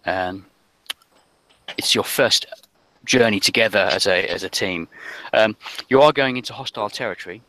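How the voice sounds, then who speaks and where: Male game master, bright tone, hesitant narration with many fillers. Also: on the low side, moderate pace, pauses often, dry recording, low-quality recording.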